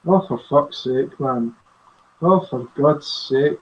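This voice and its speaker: A man's voice: medium pitch, takes it slowly, muffled recording. A man playing a tabletop game, talking in a blunt, sweary, sarcastic way. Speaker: player.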